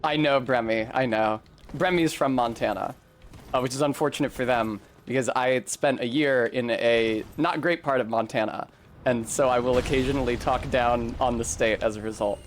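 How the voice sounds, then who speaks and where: Excitable, swearing man streaming a game. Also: medium pitch, slight background noise. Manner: excitable, swearing, quick jokey asides. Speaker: streamer host. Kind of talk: casual gaming stream chat.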